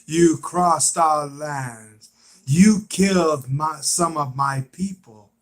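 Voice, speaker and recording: Guy doing a stern lady wolf alpha, slow threatening talk. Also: fairly high pitch. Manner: slow, deliberate, menacing. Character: stern female wolf pack leader.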